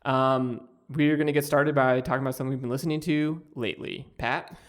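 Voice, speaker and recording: A man hosting a podcast in a studio, chatting casually in a rambling way with many pauses. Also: medium pitch, steady tone. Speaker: podcast host. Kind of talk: casual chat.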